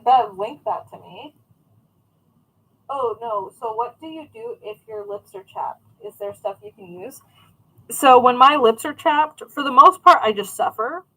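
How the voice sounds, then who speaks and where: A young woman with a husky, bright, forceful voice on the high side hosts a crafting livestream, heard in a rough recording. She chats casually and rambles a bit, reading viewers' questions from chat and answering them as she goes.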